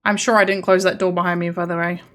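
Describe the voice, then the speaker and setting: A woman's voice: lowish voice, level tone, fast talker. Woman streamer muttering thru a scary game, hesitant, swears a lot. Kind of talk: live gaming commentary.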